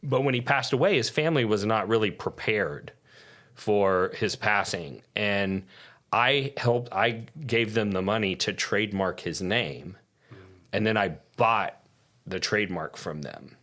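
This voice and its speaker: A man who is a podcast guest, telling a long anecdote in casual, lively style and cursing freely. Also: lowish voice, measured pace. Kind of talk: casual storytelling.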